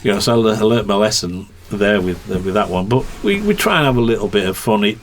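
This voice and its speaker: A man, a motorcycle racing commentator, spins long anecdotes in a podcast interview. His voice sits a little low, and he restarts his sentences again and again, quick to break into a laugh. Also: expressive, slight background noise. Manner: rambling storyteller, many restarts, quick to laugh.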